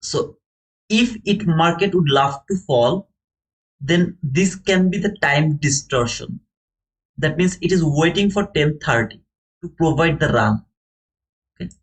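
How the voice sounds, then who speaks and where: A man streaming live to viewers, thinking aloud in halting, repetitive phrases as he explains a trade. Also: on the high side, lively intonation, rough recording. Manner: talks to chat viewers by name. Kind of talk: live market commentary to viewers.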